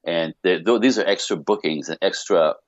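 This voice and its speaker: A man speaking as a podcast guest, telling a personal story in an animated way, with many restarts and rhetorical questions. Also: low voice, normal speed, no room sound, highs cut off.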